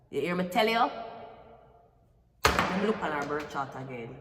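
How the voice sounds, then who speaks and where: A woman's voice: lowish voice, expressive, normal speed, long pauses, a bit bright, a little hiss or hum. A woman giving a blunt, emotional tarot reading and swearing freely. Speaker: tarot reader. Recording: echoey room with long reverb, faint music.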